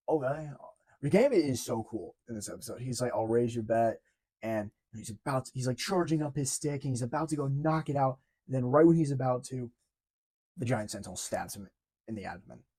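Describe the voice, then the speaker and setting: Young male vlogger, mellow tone, rambling and excitable, casual review delivery. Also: mid-range voice, husky. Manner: excitable, rambling, swears, says 'like' often. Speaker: TV show reviewer.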